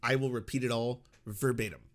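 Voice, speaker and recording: A man's voice: medium pitch, fairly even intonation, a little fast. A man reacting to clips in casual commentary, exasperated and incredulous, swearing and laughing in disbelief.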